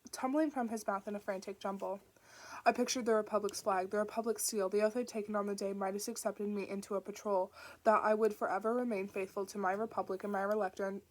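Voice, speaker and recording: A woman reading an audiobook aloud, narrating in an even, steady manner. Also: mid-range voice. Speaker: audiobook reader.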